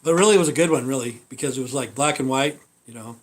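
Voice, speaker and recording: A man's voice: medium pitch, fast talker. A man hosting a live stream, telling stories in a meandering, profane way. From Idaho. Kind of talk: rambling casual live-stream chat.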